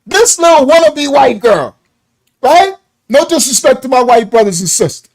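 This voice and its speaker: A man hosting a live online ministry stream, commenting on a video in an animated way, laughing often and breaking off to apologize. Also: very high-pitched, moderate pace, rough recording.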